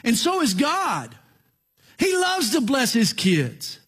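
A middle-aged male pastor delivers an earnest radio sermon. His voice sits high and sounds husky, and it swings widely in pitch and loudness. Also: wildly swooping pitch, takes it slowly.

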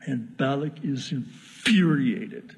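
A man preaching a sermon as pastor, retelling a story with animated humor and asides. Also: medium pitch, slow pace, slightly rough, in a large hall.

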